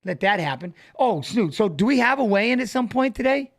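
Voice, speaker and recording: Brief: middle-aged male host, high-pitched voice, loose, profane, joking chatter. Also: big pitch swings, a little fast. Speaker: show host. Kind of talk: casual livestream chat.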